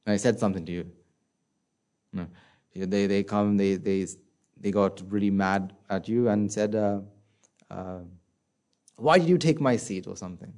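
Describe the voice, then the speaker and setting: A man giving a conversational Buddhist dharma talk, often asking the listeners questions and acting out inner voices in a soft, low tone. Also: flat delivery, moderate pace, long pauses, smooth. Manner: conversational, asks the audience rhetorical questions. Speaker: Buddhist teacher.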